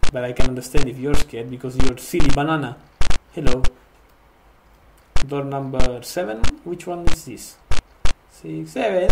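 A man's voice: mid-range voice, vocal fry, echoey room, heavy background noise. A man in a comic vampire persona, commenting in broken English while playing a horror game and talking to what he sees. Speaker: let's play gamer in a vampire persona.

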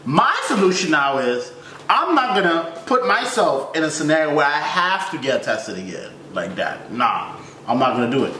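Man, comic storyteller, high-ish lively voice, roomy sound, slangy and frank, acts out his reactions. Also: moderate pace, recorded from a distance, slight background noise. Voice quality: animated, swings between high yelps and low mutters. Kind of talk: comedic personal story.

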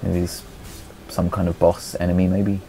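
Young male let's-player, low and mellow voice, playful bossy banter over gameplay, faint room noise. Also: little pitch movement, normal speed, gravelly. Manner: joking, bossy banter with a friend. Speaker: let's play commentator. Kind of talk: casual gameplay commentary.

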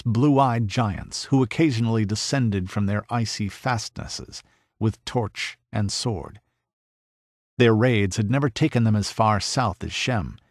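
A man giving a dramatic audiobook narration in a measured, grave way. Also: on the low side, dry recording, studio quality.

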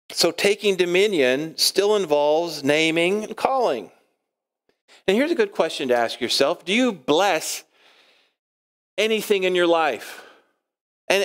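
A male pastor preaching a sermon in a lively way, acting out quoted speech and chuckling often. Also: on the high side. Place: church sanctuary.

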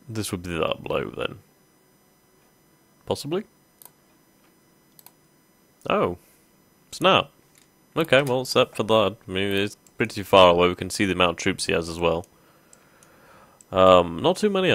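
A man with a low, deep voice commentates on a strategy game as he plays. He thinks aloud casually, pausing often with ums. The sound is dry and close, with no room around it. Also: a bit bright, dry recording. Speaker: gaming video host. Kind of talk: let's play commentary.

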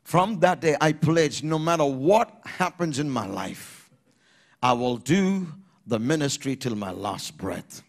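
A middle-aged man from India preaching a sermon, telling an emotional testimony that moves from hushed tones to shouting. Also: mid-range voice, expressive, takes it slowly. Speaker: pastor.

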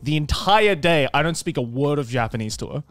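Young man, podcast co-host, playful storyteller, slightly higher voice, very lively pitch. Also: a little fast, dry recording. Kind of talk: casual chat.

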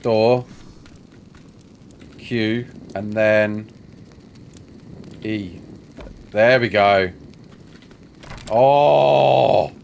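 Sleep-deprived gaming streamer, rambling. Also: male voice, on the low side, fairly even intonation, very slow, gravelly, long pauses, a little mellow, slight background noise. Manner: chatty, rambling, answers chat questions while playing. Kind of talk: casual live gameplay chat.

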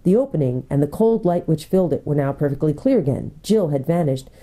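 A woman pastor reads a children's storybook aloud with a dark, mellow tone. Her pitch sits low but swings widely as she tells the story. The delivery is expressive and unhurried. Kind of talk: reading a children's book aloud.

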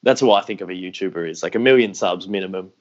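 A man's voice: sits low, fast, dull audio. A young Australian man telling stories in a casual podcast interview, rambling and self-deprecating, acting out what people said. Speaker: podcast guest, AFL YouTuber.

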